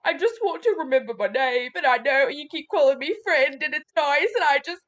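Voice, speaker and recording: Timid stammering male ogre, gentle and forgetful, played by a woman at a game table. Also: mid-range voice, moderate pace, lightly acted. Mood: tearful. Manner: stammering, hesitant.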